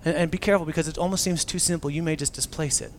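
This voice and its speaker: A man preaching a casual, animated sermon as a pastor, swinging from loud emphasis down to near-whispers and acting out quotes. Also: on the high side, very fast, a little hiss or hum.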